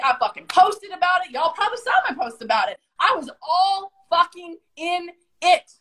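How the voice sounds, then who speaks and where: High-pitched woman telling a profane story. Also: lively intonation, normal speed, a bit bright, poor audio. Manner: swears constantly, acts out quotes in shifting voices. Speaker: podcast guest.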